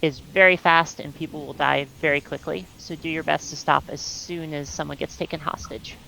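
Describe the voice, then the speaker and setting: A woman explaining game tactics over voice chat as raid leader, calm and instructive, with many ums, on a headset. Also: sits low, normal speed, gravelly, a little hiss or hum, rough recording.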